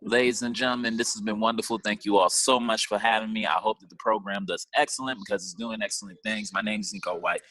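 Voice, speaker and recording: A man performs a stand-up routine over a video call, slangy and animated as he acts out each exchange. His voice is bright and forward, and the sound is dry and close with no room around it. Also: lowish voice, fast talker, few pauses, no room sound, poor audio. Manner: animated, slangy storytelling with acted-out dialogue. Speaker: stand-up comedian.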